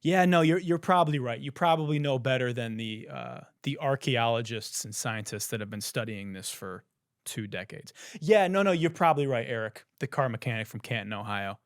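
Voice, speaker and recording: A young man hosting a podcast in casual, profane chat, telling stories animatedly and swinging between hushed and loud. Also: medium pitch, lively intonation, moderate pace, dry recording, clean studio sound. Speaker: podcast host.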